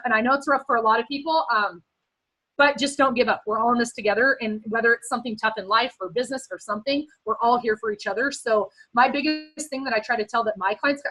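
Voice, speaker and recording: A woman's voice: high voice, bright, forceful tone, low-quality recording. A woman speaking casually and earnestly on a team video call, giving encouraging advice with many fillers and at times close to tears.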